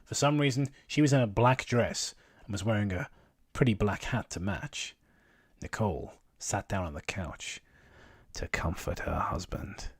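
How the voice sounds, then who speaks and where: A man's voice: on the low side, animated, unhurried, breathy edge, dry recording, clean studio sound. Man reading a story in mock drama. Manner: mock-dramatic reading, swearing, laughing asides. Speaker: podcast co-host reading stories aloud. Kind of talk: casual comedic read-aloud chat.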